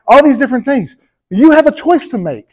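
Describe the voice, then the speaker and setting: A man with a high voice delivers a sermon to a congregation. His preaching is emphatic and builds energy, and he keeps addressing the listeners directly, asking if they are following along. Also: very animated, a little fast, poor audio. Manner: addresses the congregation directly, with repeated "okay?" and "right?". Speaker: pastor.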